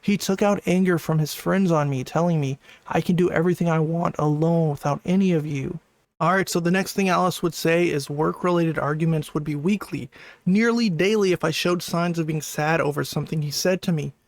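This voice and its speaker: A man's voice: a little high, fairly quick, no echo. A man reading out screenshots and adding casual commentary as a channel host. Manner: casual, conversational asides. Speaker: commentary YouTuber.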